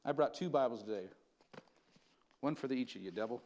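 A man preaching a sermon in a church, reading scripture slowly and building to loud, emphatic bursts. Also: mid-range voice, slight background noise. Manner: slows to read scripture aloud. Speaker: pastor. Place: church sanctuary.

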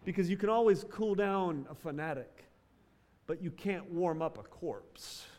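High-voiced man preaching in a hall. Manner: preaching with swings from loud emphasis to quiet, drawn-out phrases. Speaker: pastor. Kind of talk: sermon. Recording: long hall reverb.

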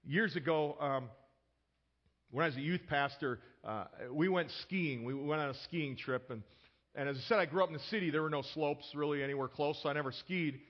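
A man with a fairly high voice delivers a sermon in an easy, conversational way. He tells personal stories and often restarts sentences by repeating a word, and the recording sounds dull and lo-fi. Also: fairly quick. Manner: conversational, repeats words when starting sentences. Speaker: pastor.

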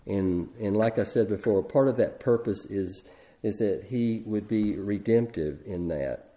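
A middle-aged man preaching in a relaxed, conversational way, circling back and restarting his phrases as he goes. His voice sits low with a mellow, dark tone. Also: measured pace. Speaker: pastor. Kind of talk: sermon.

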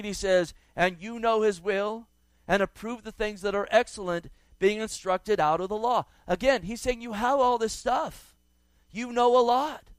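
A male preacher with a high, clean, ringing voice delivers an emphatic sermon. He leans hard on key words and repeats them, and he lifts his voice when he quotes scripture. The sound is dry and close. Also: clear, resonant tone, no room sound. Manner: quotes scripture in a raised, dramatic voice.

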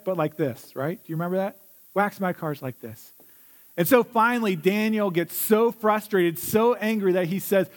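A male pastor preaching an earnest sermon in a large church sanctuary, slowing down on key phrases for emphasis. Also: high-pitched.

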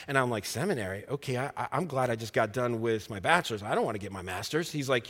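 A middle-aged man preaching a sermon, telling a story with acted-out dialogue and building to loud, emphatic preaching. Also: medium pitch, expressive, quick pace, few pauses, in a large hall. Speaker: pastor.

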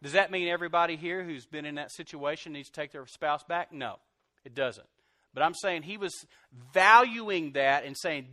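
A middle-aged man preaching a sermon, animated, swinging from loud outbursts to soft, confessional lines. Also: on the high side, moderate pace, no echo, studio quality. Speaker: pastor.

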